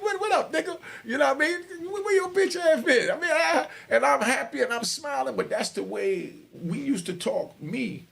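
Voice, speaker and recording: Gravelly, rambling New York man. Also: medium pitch. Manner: animated, rambling, full of "you know what I mean". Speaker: host telling prison stories. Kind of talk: casual storytelling monologue.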